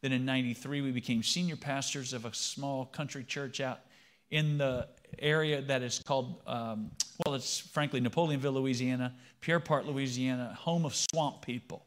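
A man's voice: medium pitch, steady tone, normal speed. A man in his fifties, a pastor giving a sermon in a conversational way and often asking the congregation questions.

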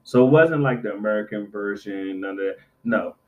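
Profane middle-aged man telling animated stories. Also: on the low side, moderate pace. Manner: profane, animated storytelling with acted-out quotes. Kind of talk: casual chat. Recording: dull lo-fi recording.

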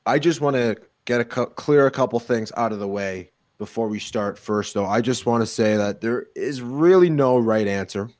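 A young man hosts a casual podcast. His voice sits at a middle pitch and he jokes easily with his co-host. The sound is close and dry, with no room echo. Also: moderate pace, hardly any pauses, a little mellow. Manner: upbeat, joking banter. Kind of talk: casual chat.

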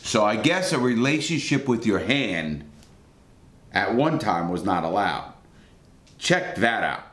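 A man's voice: fairly low pitch, sing-song, takes it slowly, fairly bright tone, echoey room. A former prisoner telling his own story to camera in a blunt, profane way, full of rhetorical questions and acted-out outbursts. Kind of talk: casual first-person storytelling to camera.

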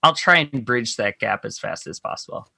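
A man's voice: mid-range voice, lively intonation, normal speed, gravelly, sharp tone, dry recording. A man speaking as a podcast guest, reflective and earnest, thinking aloud through personal experiences in casual conversation.

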